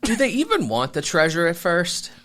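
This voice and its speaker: A man hosting a podcast, chatting casually about a film in an easygoing way with quick agreeing asides. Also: sits high, huge pitch swings, fairly bright tone. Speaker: podcast host. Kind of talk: casual movie discussion.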